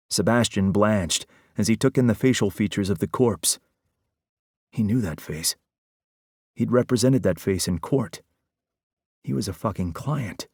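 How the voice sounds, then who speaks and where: A man narrating an audiobook in a measured storytelling manner. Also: lowish voice, no echo, clean studio sound. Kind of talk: scripted narration.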